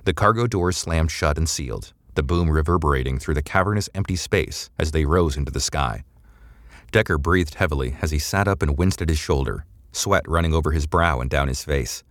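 A man reading a sci-fi adventure serial in a measured, dramatic way. His voice is extremely deep, and the recording is dry and close to the mic. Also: dry recording. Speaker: audiobook narrator. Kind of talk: scripted narration.

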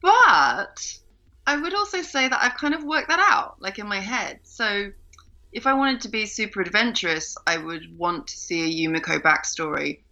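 An actress chatting in an interview, talking loosely with lots of fillers and restarts. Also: female voice, medium pitch, moderate pace. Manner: chatty, many fillers and restarts, bright lively laugh. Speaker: actor, interview guest. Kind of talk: casual video-call interview. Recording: dull muffled home call audio.

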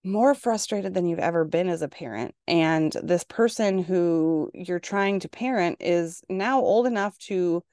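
A woman from Minnesota in her forties, hosting a casual podcast monologue and telling parenting stories in an exasperated, animated way. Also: fairly low pitch, no echo, clean studio sound. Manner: exasperated, animated storytelling with acted-out quotes. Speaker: podcast host.

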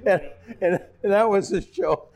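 Older man telling animated broadcast stories. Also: high-pitched, measured pace, creaky. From Missouri. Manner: animated anecdotes, acting out voices. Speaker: retired TV announcer. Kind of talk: storytelling in a casual interview.

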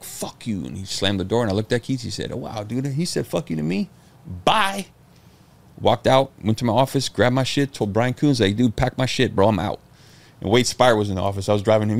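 A man's voice: fairly low pitch, fast talker, vocal fry. A middle-aged man, a podcast guest, telling stories in casual talk, swearing freely and acting out what people said. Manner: animated, swearing, acts out quotes. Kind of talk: casual storytelling interview.

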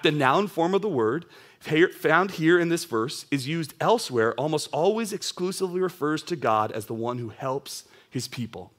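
A man in his thirties preaching a sermon to young adults, conversational and animated, with casual asides. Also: a little high.

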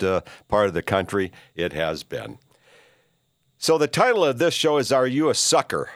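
A man's voice: mid-range voice, no room sound, studio quality. An older man hosting a podcast, delivering a rambling, opinionated monologue full of "uh" fillers and emphatic rhetorical questions. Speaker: podcast host.

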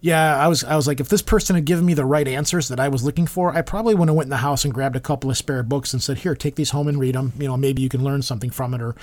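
A man's voice: medium pitch, steady tone, very fast, few pauses, a little mellow, no room sound. A middle-aged man hosting a podcast, rambling through stories in casual chat and acting out the quotes. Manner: rambling storyteller, acts out quotes. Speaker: podcast host. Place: home office.

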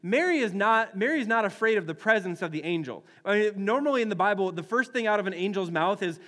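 A man preaching a sermon as pastor, animated, acting out scenes with voices and often restarting and repeating words. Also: high voice, fast, hardly any pauses.

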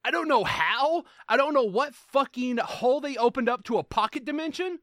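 A man co-hosting a casual podcast chat, ranting in an animated, profane way. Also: very high voice, normal speed, no room sound, clean studio sound. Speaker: podcast co-host.

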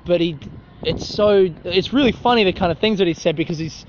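A man's voice: sits high, fairly quick. A young man hosting a rambling solo podcast on a city street at night, talking into his phone, swearing and mocking himself. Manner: profane, self-mocking, laughs at his own jokes. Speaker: podcast host. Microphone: phone held while talking. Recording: dull phone recording with street noise. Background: faint traffic and passers-by.

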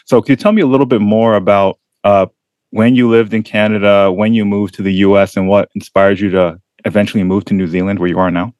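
A young man hosting a podcast interview, casual and joking with deadpan asides. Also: fairly low pitch, brisk, no echo. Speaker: podcast host.

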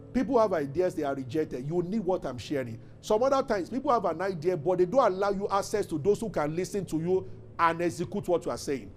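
A man's voice: high-pitched, a little mellow. A man preaching a fervent sermon as pastor, building to emphatic declarations.

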